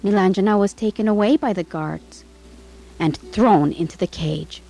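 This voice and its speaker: A woman narrating a fairy tale in a measured storybook manner. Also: medium pitch, gravelly, warm tone. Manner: slow and measured. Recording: faint music behind.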